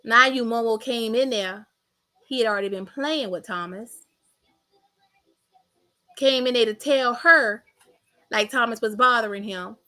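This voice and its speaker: A woman's voice: on the high side, a little slow, long pauses, bright, forceful tone. A woman hosting a reaction commentary, blunt, mocking and sassy as she replays clips. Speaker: commentary channel host.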